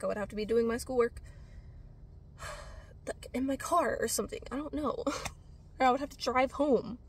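Young woman vlogger, slightly high and breathy, rambling and chatty with lots of fillers; casual review delivery. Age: young adult. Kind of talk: casual product review chat.

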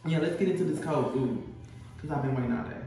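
A man's voice: on the high side, quick pace, dark tone, far from the mic, soft background music. A man from the American South with a Southern accent, hosting a mukbang in laid-back, teasing banter. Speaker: mukbang host. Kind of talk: casual chat while eating. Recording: echoey room, off-mic, faint noise.

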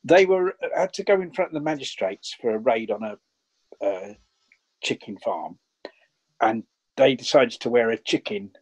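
A man's voice: medium pitch, animated, unhurried, long pauses, a little mellow, breathy edge, low-quality recording. A man chiming in to an interview with his own recollections. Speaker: interview guest, activist. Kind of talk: casual interview chat.

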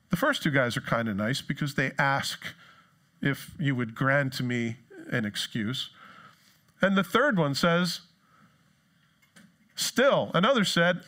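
A man preaching a sermon in a casual, joking way, acting out quoted excuses in higher, put-on voices. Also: very animated, a little slow, a bit bright. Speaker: pastor. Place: church.

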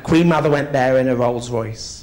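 A man's voice: medium pitch, normal speed, darkish tone, natural voice. A man, performing live on a theatre stage as a grand but foul-mouthed elderly queen mother. He tells his stories in a mock-genteel way and lands them with crude punchlines. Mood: bawdy. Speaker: drag comedian. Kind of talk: live stand-up drag act.

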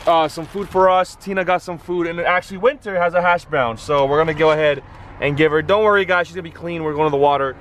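A man's voice: fairly high pitch, quick pace, a bit bright, slight background noise. Upbeat chatty young man vlogging. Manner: chatty, rambling, upbeat cheering at the dogs. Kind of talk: casual vlog talk to camera. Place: in a car and outdoors.

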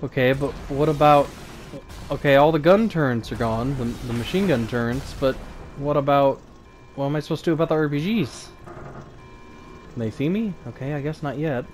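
A man giving a relaxed let's play commentary, thinking aloud in a flat, low-key way and often repeating small words. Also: moderate pace, a little hiss or hum. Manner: low-key, flat delivery despite interest. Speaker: gaming channel host.

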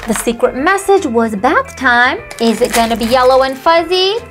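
A woman's voice: high-pitched, expressive, normal speed, soft background music. A woman hosting a toy unboxing video, cheerfully talking straight to the viewers. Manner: cheerful, addresses viewers directly. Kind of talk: casual unboxing narration.

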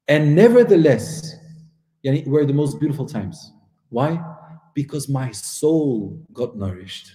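A man's voice: mid-range voice, very animated, measured pace. Man telling stories in an echoey hall. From Belgium. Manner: warm anecdotal storytelling with laughs and acted dialogue. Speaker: Islamic teacher. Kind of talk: storytelling religious lesson.

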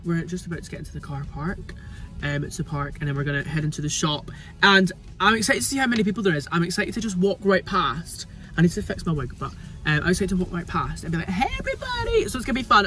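A drag queen performer, a man with a high-sitting voice, vlogs quickly into a handheld phone over music. His talk is excitable and casual, laced with "literally" and "um."

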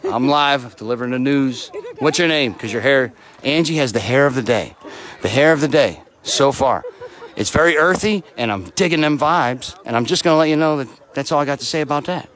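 A man filming a live wrestling event from ringside, talking in a rowdy, excitable way and swearing freely. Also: mid-range voice, fairly quick, poor audio. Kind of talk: loud excited ringside chatter. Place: indoor wrestling event in a crowd.

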